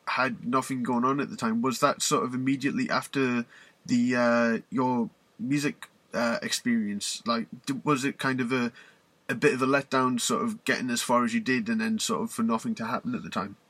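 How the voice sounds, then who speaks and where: A man hosts an interview in a bright, crisp-edged voice, upbeat and a little hesitant as he feels his way through questions. The sound is dry and close. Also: mid-range voice, steady tone, normal speed, no echo. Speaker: interview host. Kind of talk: podcast interview.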